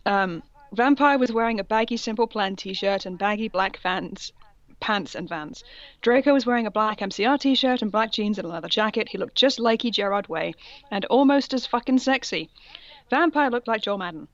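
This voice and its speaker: A woman's voice: medium pitch, animated, moderate pace, dry recording, dull audio. A woman co-hosting a podcast, reading fan fiction aloud with mocking, laughing asides. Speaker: podcast co-host.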